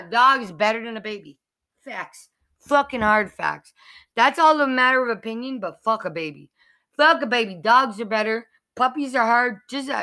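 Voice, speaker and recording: A woman's voice: on the high side, pushed and bright, clear, resonant tone. A woman hosting her own podcast, ranting crudely and heatedly, repeating herself for emphasis. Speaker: podcast host. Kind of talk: profane comedic rant.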